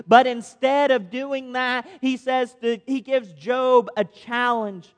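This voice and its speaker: A man's voice: extremely high pitch, fairly even intonation, slow, hardly any pauses. A man preaching a sermon as a pastor, earnest and posing rhetorical questions to his listeners. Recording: long reverb of a large hall.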